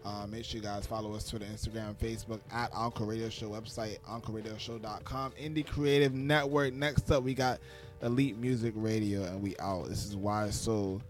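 A man's voice: on the low side, steady tone, a little fast, faint music behind. A man hosting a hip-hop interview podcast, laid-back and chatty. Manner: laid-back, lots of backchannel. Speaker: host.

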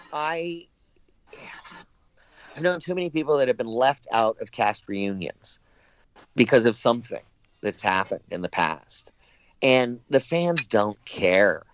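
A man's voice: medium pitch, muffled recording. A male actor telling long, rambling anecdotes in a casual interview, acting out other people's words as he goes. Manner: rambling, animated anecdotes with quoted voices. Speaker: guest actor. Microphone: remote call.

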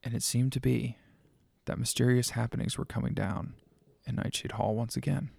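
A man narrating a spooky story in a measured, dramatic manner. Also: mid-range voice, fairly even intonation, gravelly, a little mellow, husky, no room sound, clean studio sound.

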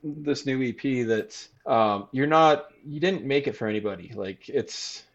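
A man's voice: mid-range voice, measured pace, muffled recording. A man hosting a casual podcast chat, rambling and encouraging his guest. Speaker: podcast host.

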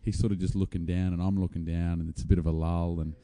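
A man with a low, very dark voice chats casually about gigs. He rambles from one anecdote to the next, breaking into laughter mid-sentence. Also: flat delivery, fast talker. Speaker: musician guest. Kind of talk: casual chat.

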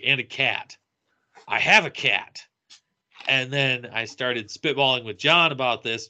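A podcast co-host with a medium-pitched voice and lo-fi sound tells a convention story in casual chat. He's animated and acts out the lines people said.

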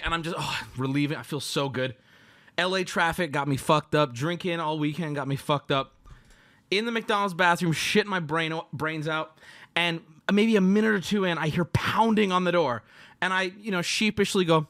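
A man hosting a stream, telling a crude story in a loud, animated rant and acting out the other people in it. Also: a little high, normal speed. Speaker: streamer host.

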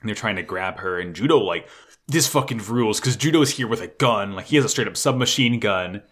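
A man co-hosting a casual podcast, excitedly recapping an anime episode, swearing freely and stammering when unsure. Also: fairly low pitch, a little fast. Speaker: podcast co-host.

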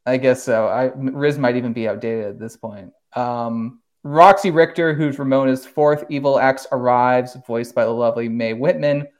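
A man hosting a podcast, recapping an animated series in an animated, casual way, swearing now and then and laughing often. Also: mid-range voice, normal speed, hardly any pauses. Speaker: podcast host.

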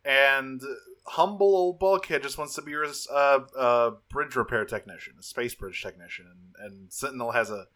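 A man's voice: mid-range voice, moderate pace, a bit bright. A man co-hosting a podcast, chatting casually through a cartoon recap, rambling with fillers and restarts. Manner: rambling, frequent fillers and restarts, laughs often. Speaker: podcast co-host.

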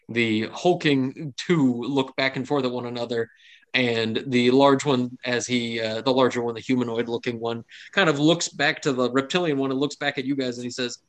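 A man's voice: medium pitch, steady tone, normal speed. A man narrating a tabletop game as game master, casual and rambling.

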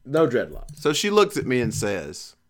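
A middle-aged man telling a long, profane story in casual chat, animated and playful. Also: mid-range voice, moderate pace.

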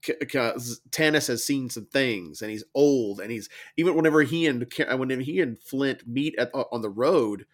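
A man's voice: medium pitch, moderate pace, hardly any pauses. A man co-hosting a podcast, musing aloud about a book in casual chat and hedging his points as he goes. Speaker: podcast co-host.

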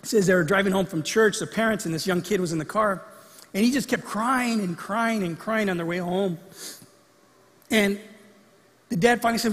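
A man with a high, husky voice preaches a sermon in a conversational way and slips in acted-out quotes. His voice carries through a church sanctuary with a long reverb of a large hall. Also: moderate pace, long pauses. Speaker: pastor.

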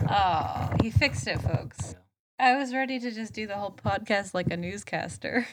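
A woman co-hosting a casual podcast, teasing and quick-witted. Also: medium pitch, very noisy. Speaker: podcast co-host. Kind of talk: casual chat.

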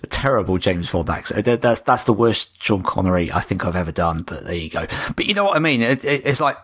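A man's voice: deep voice, animated, fairly quick, hardly any pauses, a bit bright, husky. A man chatting casually on a podcast, often restarting sentences and joking at his own expense. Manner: stammering restarts, self-deprecating humor. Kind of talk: casual chat.

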